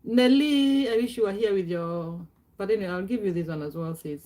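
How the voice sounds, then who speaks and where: A middle-aged woman hosting a casual live stream, chatting loosely and calling out viewers by name, with frequent laughs and throat clearing. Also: medium pitch, a little fast, mellow.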